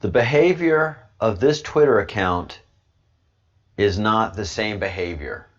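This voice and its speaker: A man's voice: lowish voice, animated, unhurried, highs cut off. A man hosting a casual commentary livestream, rambling through his points with repetitive, joking asides, talking into a desk microphone. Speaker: livestream host.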